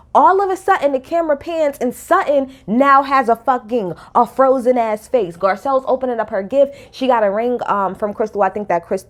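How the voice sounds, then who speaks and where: High pitched woman ranting sassy tv recap, cursing a lot. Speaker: reality TV recap vlogger. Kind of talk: casual recap commentary.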